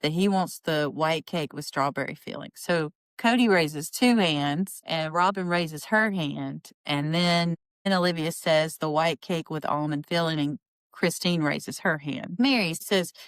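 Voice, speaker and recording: Woman, podcast host, indignant chatty recap, lowish voice, dry close sound. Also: unhurried, clear, resonant tone, no echo. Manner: chatty and indignant, quoting people in lively voices. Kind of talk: casual commentary on a reality show.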